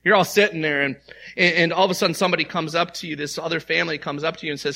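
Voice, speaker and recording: A man preaching a sermon as a pastor, animated and playful, with many rhetorical questions. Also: a little high, very fast, vocal fry.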